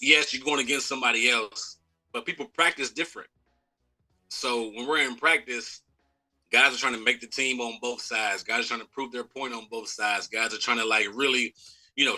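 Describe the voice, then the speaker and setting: Bright, lively former football player. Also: male voice, medium pitch, rough recording. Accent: American. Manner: lively storyteller who acts out quotes and laughs. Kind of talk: animated storytelling in a live interview.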